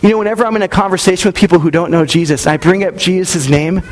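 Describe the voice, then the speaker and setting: A man's voice: high voice, quick pace, a little hiss or hum, rough recording. A man in his thirties preaching a sermon as a pastor, speaking conversationally and acting out quotes as he tells stories. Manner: conversational, storytelling with acted-out quotes.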